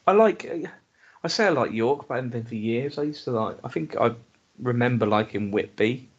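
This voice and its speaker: An English man co-hosts a casual podcast chat at a middle pitch. He is blunt and grumbling and swears freely. The recording sounds dull and lo-fi. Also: lively intonation, fairly quick, breathy edge. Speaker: podcast co-host.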